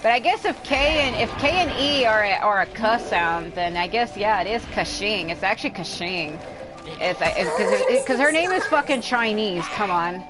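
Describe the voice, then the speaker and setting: A woman's voice: medium pitch, animated, moderate pace, hardly any pauses, music in the background. Exasperated woman streamer ranting over gameplay. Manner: rambling, exasperated, swears a lot. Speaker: game streamer. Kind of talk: casual live gameplay commentary.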